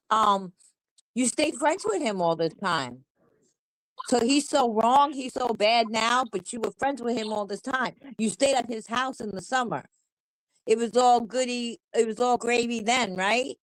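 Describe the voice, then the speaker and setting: Angry high-voiced woman ranting. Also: moderate pace, dry recording, rough recording. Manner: angry, blunt, heavy swearing. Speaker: livestream host. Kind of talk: heated commentary rant.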